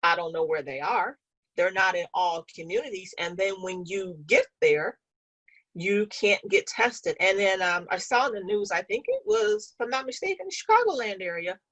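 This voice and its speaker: A woman's voice: medium pitch, expressive, normal speed, fairly bright tone, low-quality recording. A woman guest in an interview, telling a personal story in an earnest, conversational way and speaking with conviction.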